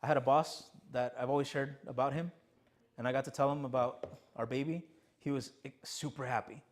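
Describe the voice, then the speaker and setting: A man's voice: mid-range voice, fairly even intonation, brisk. A young man preaching a sermon as pastor of his church, emphatic and full of rhetorical questions. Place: church sanctuary.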